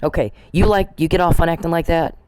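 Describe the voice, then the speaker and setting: A man's voice: on the high side, fast, darkish tone, clear, resonant tone, no room sound, low-quality recording. Scornful, profane man ranting. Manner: scornful, mocking, profane, repetitive. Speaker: podcast host. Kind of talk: angry monologue addressed to an absent person.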